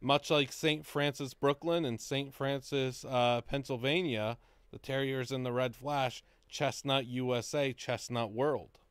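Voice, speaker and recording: Deadpan man, smooth voice. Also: mid-range voice, measured pace, dry recording. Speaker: podcast co-host. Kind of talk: casual chat.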